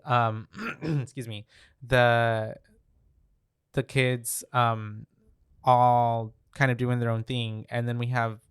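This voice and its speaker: Relaxed man chatting about a movie. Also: medium pitch, slow, smooth, dry recording, clean studio sound. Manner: relaxed, agreeable, frequent "mm-hmm" and "um". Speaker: podcast co-host. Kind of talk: casual movie recap chat.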